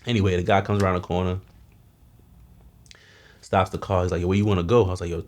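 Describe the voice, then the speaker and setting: A man recounts his past in candid, slangy street talk. His voice sits very low and gravelly, with plenty of fry. He often drops to a hushed, near-whispered tone when the story turns heavy. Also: flat delivery, fairly quick. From Mount Vernon, New York. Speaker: guest telling his life story. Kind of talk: candid testimony.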